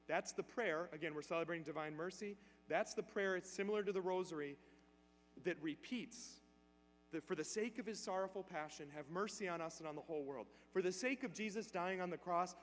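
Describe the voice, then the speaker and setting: A male priest giving a sermon in a church, telling a story in a conversational, animated way. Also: high voice, a little fast. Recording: long church reverb, faint hum.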